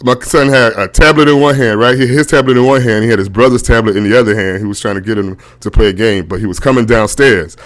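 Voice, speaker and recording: A middle-aged man with a deep voice, telling stand-up stories about his family. He speaks at an easy, laid-back pace and often laughs at his own punchlines. He is heard over a video call. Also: fast talker, few pauses, fairly bright tone. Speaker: stand-up comedian.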